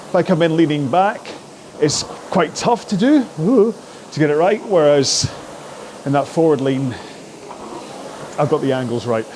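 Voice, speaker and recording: A man's voice: fairly high pitch, darkish tone, a little hiss or hum. Chatty man coaching a rowing workout. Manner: chatty, jokey and encouraging. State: talking while rowing on a machine. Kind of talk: follow-along workout instruction.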